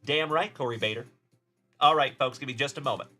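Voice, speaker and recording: A man from Texas runs a casual live stream of card pack openings, calling out players and thanking viewers by name. His voice is bright and forceful, with mid-range pitch. Faint music plays behind him. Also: a little fast. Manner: upbeat, shouting out chat viewers by name. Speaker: card-breaking livestream host.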